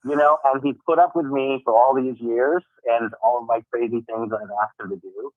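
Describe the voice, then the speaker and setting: A man's voice: mid-range voice, moderate pace, no echo. A man calling into a radio interview as a guest, an animation creator who talks enthusiastically and rambles, laughing often. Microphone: phone call. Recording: tinny phone line.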